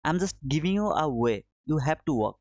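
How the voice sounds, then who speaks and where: A man whose isn't teaches a live trading lesson in a slightly high voice. He circles back on his points and coaxes his viewers. The audio is dry and somewhat dull, like a lo-fi stream. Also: animated, normal speed, dry recording. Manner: repetitive, coaxing, addresses viewers as brother. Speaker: trading livestream host.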